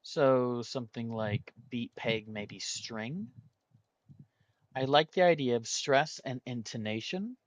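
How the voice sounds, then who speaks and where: Man solving a word puzzle aloud, unhurried and hesitant, dry close sound. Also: mid-range voice, dry recording. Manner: muses aloud, hesitant, weighs options slowly. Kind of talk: thinking aloud while playing.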